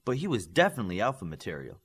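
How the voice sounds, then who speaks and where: A man's voice: low voice, huge pitch swings, racing, breathy edge, heavily acted. A man voicing a proud, stern female teacher with a Scottish accent, dry and pointed in how she speaks. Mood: stern teacherly.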